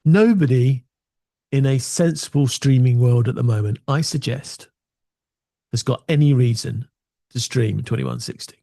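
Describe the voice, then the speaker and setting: Guy with a gravelly mellow voice, dry close sound, chatting opinions on video gear from his little home studio. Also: mid-range voice, measured pace, no room sound. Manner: wry, opinionated, chatty asides. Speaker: video tech presenter. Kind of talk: casual opinionated talk to camera.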